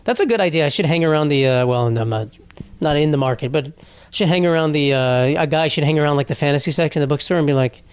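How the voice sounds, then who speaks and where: A young man hosts a casual solo podcast, reading posts aloud and riffing on them. He rambles, swears freely and laughs through his words, in a voice pitched a bit high. The sound is dry and close, with no room in it. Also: fast, clean tone, no echo. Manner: rambling, profane, laughs while talking. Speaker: podcast host.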